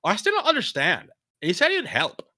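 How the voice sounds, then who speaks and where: A man voicing a shaken, confused young male secretary, telling what happened in a high, strained, halting way. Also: wildly swooping pitch, pushed and bright, full character voice.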